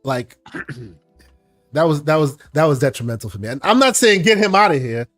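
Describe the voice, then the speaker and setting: A man's voice: fairly high pitch, expressive, moderate pace, fairly bright tone, faint music behind. A man hosting a casual podcast, reading viewer comments and speaking emphatically with repeated affirmations. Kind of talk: casual podcast chat, reading super chats.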